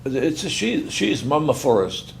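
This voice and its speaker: An older man, a native German speaker, explaining bonsai styling in a halting way, repeating his words. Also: fairly high pitch, sing-song, creaky, slight background noise. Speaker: guest bonsai master. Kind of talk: casual explanation. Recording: roomy echo with faint music.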